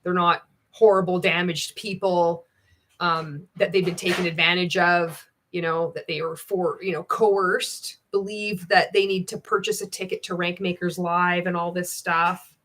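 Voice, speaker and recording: A woman's voice: on the low side, level tone, unhurried, fairly bright tone, a little hiss or hum. A woman hosting a casual livestream, reading out viewer comments. She is sarcastic, swears freely and laughs often. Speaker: livestream host.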